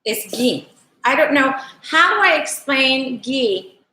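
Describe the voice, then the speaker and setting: Slow bright-voiced lady rambling to her viewers while she cooks, higher voice. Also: expressive. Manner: chatty, rambling, talks fondly to viewers. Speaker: cooking show host. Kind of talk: live cooking stream chat. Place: home kitchen. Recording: echoey kitchen.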